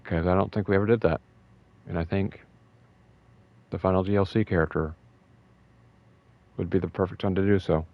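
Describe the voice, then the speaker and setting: A young man talking in a casual, rambling way about a fighting game, emotional and excited, with many fillers and restarts. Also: deep voice, normal speed, pauses often, no room sound, dull audio. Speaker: gaming video host.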